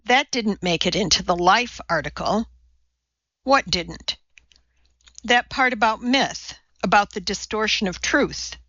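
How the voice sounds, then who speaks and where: A woman voicing a sharp, proud woman scientist and mother in an audiobook, speaking in a pointed way. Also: medium pitch, animated, unhurried, no echo, highs cut off. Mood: surprised. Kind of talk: audiobook character reading.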